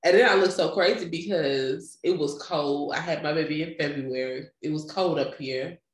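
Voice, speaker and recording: In an echoey room, a young woman with a low voice chats casually at normal speed, telling an animated story. She laughs often and puts on voices for the people she quotes.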